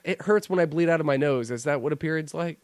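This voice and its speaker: A man's voice: fairly high pitch, fast, darkish tone. Playful young man stirring things up. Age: young adult. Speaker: podcast co-host. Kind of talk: casual chat.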